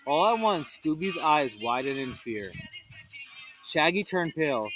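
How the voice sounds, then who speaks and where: A man narrating a children's storybook in an expressive, animated read-aloud style. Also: fairly high pitch, moderate pace, soft background music, poor audio. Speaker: storybook reader.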